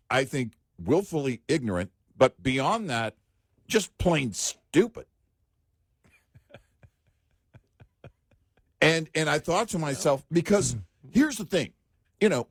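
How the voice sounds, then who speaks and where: A man's voice: mid-range voice, no room sound, clean studio sound. A man co-hosting a talk radio show, giving emphatic, opinionated commentary with some joking. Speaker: radio co-host.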